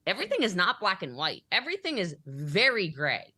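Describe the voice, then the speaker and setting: A woman's voice: fairly low pitch, huge pitch swings, fairly quick, sharp tone, no echo. A young adult woman talking as a business coach in a motivational podcast interview, emphatic and acting out the conversations she quotes.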